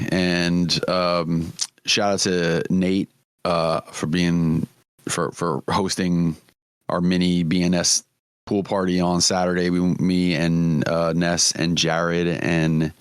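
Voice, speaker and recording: A man's voice: deep voice, clean tone, no room sound, clean studio sound. A man co-hosting a comedy podcast, chatting casually and laughing often at his own jokes. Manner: joking, laughs often, trails off and restarts. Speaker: podcast co-host.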